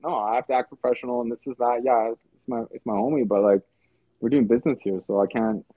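Husky man on a tinny call. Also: medium pitch, steady tone, fast talker, no echo. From South Africa. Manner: loose slang-heavy talk, many restarts and fillers. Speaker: podcast guest. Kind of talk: casual conversation. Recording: tinny phone-like call audio.

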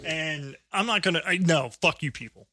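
High, bright-voiced man rambling on a podcast. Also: moderate pace, no echo, clean studio sound. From New Jersey. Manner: rambling, profane, stumbles and repeats words. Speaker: podcast co-host. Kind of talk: casual chat.

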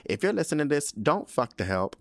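A young man hosting a podcast, recapping a TV episode in a sassy, profane, animated way and slipping into quick voices for the characters. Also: fairly high pitch, no echo, clean studio sound. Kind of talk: casual recap monologue.

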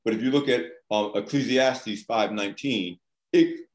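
A man hosting a talk show, measured, with rhetorical wordplay. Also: lowish voice. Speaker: show host. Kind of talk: conversational interview talk. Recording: echoey room.

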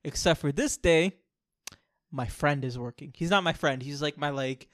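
A man with a slightly raised voice tells a long, comic story to his co-host. He is loud and playful, and he jumps between energetic bursts and quieter asides. The recording is dry and close. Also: fairly high pitch, normal speed, no echo. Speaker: podcast co-host. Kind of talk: casual storytelling chat.

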